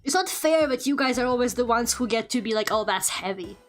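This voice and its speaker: A woman's voice: fairly high pitch, fast, soft background music. A woman chatting casually on her livestream, laughing often and swearing freely. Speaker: streamer.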